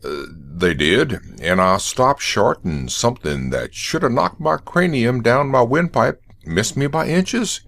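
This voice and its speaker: A man reading the lines of a shaken, bewildered male police sergeant in an audiobook, speaking in a halting way. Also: mid-range voice, lively intonation, gravelly, a bit bright, exaggerated voice.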